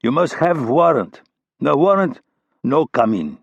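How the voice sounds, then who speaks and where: A man's voice: on the high side, sing-song, unhurried, vocal fry, no echo, lo-fi sound, pitched above the performer's own voice, exaggerated voice. A man putting on a curt Russian-accented brute. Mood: curt, defiant. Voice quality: broken English, blunt and curt. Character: hulking surly male Russian bouncer. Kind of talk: audiobook character reading.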